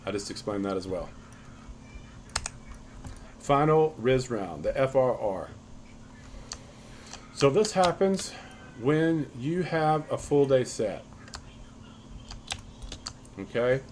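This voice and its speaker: A man's voice: mid-range voice, expressive, slow, long pauses, darkish tone, a little hiss or hum. Guy casually explaining his card game, mid voice, lots of ums, faint typing behind. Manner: loose and rambling, frequent ums and restarts. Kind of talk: casual tutorial walkthrough.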